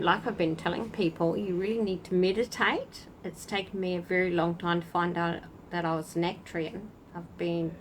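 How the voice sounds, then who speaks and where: A woman's voice: on the low side, slight background noise, poor audio. A woman hosting a casual livestream, chatting to viewers by name while sitting outside at night. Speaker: spiritual channel host. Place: outdoors at night in a breeze.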